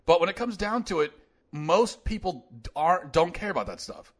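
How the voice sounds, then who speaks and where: A man's voice: on the high side, lively intonation, brisk, a bit bright. Man hosting a rambling opinion show. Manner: rambling, conversational, many restarts. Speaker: commentary show host. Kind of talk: solo opinion commentary.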